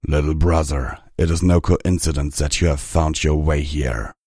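Guy doing an ancient cold god, low and imperious, dark tone. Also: fairly even intonation, moderate pace, husky, no echo, clean studio sound, heavily acted. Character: ancient, cold, godlike male being.

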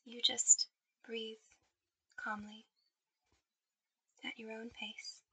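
Breathy whispering woman, whispered role-play. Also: fairly high pitch, level tone, extremely slow, rough recording. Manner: soft intimate whisper, guiding to sleep. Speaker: ASMR performer.

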